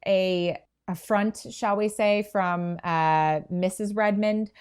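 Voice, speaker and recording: A woman's voice: mid-range voice, steady tone, takes it slowly, darkish tone, clean tone. A woman co-hosting a podcast, talking through a book in a thoughtful, enthusiastic way with small restarts. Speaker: podcast co-host. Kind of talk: casual book chat.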